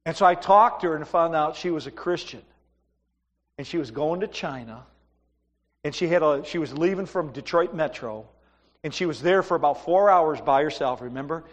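A man preaching a sermon in a church and telling lively stories, acting out the voices of the people in them. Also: fairly high pitch, moderate pace, long reverb tail. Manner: animated storytelling, acts out voices in his stories. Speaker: pastor. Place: church sanctuary.

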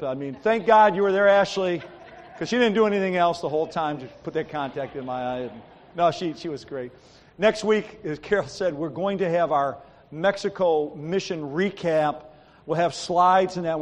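A man as pastor giving a sermon, telling stories animatedly and acting out the people he quotes. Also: on the high side. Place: church sanctuary. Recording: long hall reverb.

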